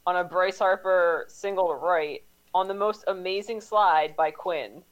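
A woman's voice: fairly low pitch, steady tone, a little slow, muffled recording. Chatty woman on a call. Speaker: podcast co-host. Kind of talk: casual chat over a video call.

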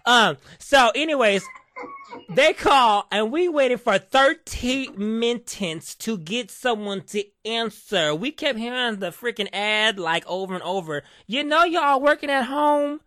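Animated, profane woman telling a story. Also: on the high side, measured pace, dry recording, clean studio sound. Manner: animated and profane, acting out quotes. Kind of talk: casual storytime rant.

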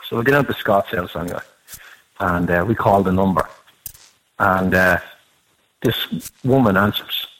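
A man's voice: low voice, measured pace, long pauses, rough recording. A man telling a rambling anecdote in a casual podcast chat, swearing freely as he goes. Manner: swears freely, animated storytelling.

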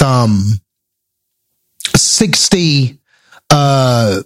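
A man giving a movie score in a casual review, halting and stumbling over his words. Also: medium pitch, creaky.

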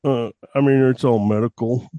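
A man's voice: medium pitch, steady tone, normal speed, mellow, no echo, muffled recording. A man co-hosting a podcast in casual banter, teasing and telling a story. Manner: teasing, restarts and laughs.

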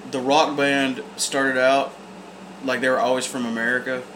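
An easygoing man joins a casual podcast chat, retelling movie scenes in a relaxed way. His voice sits mid-range. A steady air conditioner hum fills the background. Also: mid-range voice, moderate pace, low-quality recording.

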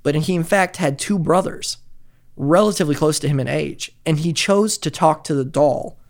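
A man hosting a podcast, telling a story in casual, profane, animated chat. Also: fairly high pitch, normal speed.

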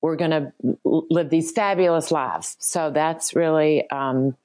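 A woman's voice: low voice, fairly even intonation, a little slow, darkish tone. A woman in her fifties from the American South, talking earnestly and encouragingly as a guest in a casual interview. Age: 50s. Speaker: guest, style business founder.

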